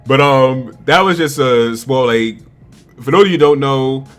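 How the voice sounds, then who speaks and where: A man hosting a podcast, excitable and bantering, often repeating words. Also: medium pitch, normal speed, faint music behind. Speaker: podcast host. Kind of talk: casual interview chat.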